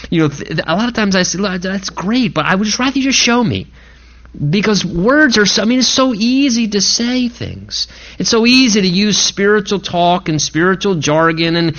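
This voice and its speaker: Pastor, male, higher voice, emphatic conversational sermon delivery. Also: bright, forceful tone, dull audio. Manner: conversational, emphatic, acts out quotes. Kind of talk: expository sermon.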